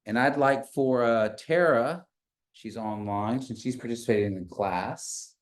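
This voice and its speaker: A man teaching a beginners' language class from an office over a video call, patient and slow when repeating phrases. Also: medium pitch.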